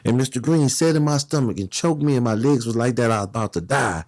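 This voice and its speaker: Guy telling stories, does everybody's voices, mid pitch, dead dry sound. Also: quick pace, dry recording. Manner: animated storyteller acting out others' voices. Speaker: guest, former gang leader. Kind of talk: storytelling in a podcast interview.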